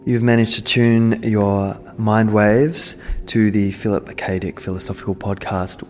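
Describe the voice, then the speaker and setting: A man's voice: on the low side, faint music behind. A man co-hosting a podcast, chatting casually and animatedly. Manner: animated, chatty, quick to react. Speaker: podcast co-host. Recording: long hall reverb, faint noise.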